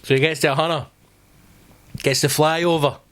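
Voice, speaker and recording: A man's voice: on the high side, steady tone, moderate pace, a bit bright, smooth. A Scottish man hosting a podcast, ranting in a sweary, rambling comic way. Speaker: podcast host. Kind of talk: comedic podcast rant.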